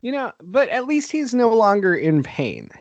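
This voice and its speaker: A man's voice: high-pitched, moderate pace, no echo, highs cut off. A man co-hosting a podcast, chatting casually about a horror film, laughing often and swearing freely. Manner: laughing, profane, animated. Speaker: podcast co-host.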